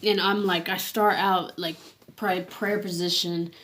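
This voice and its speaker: A woman sharing a personal faith testimony in a casual, earnest way, reading from her journal and often pausing and restarting, sometimes dropping to a hush. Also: fairly low pitch, level tone, slight background noise. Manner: halting and earnest, with many restarts and fillers.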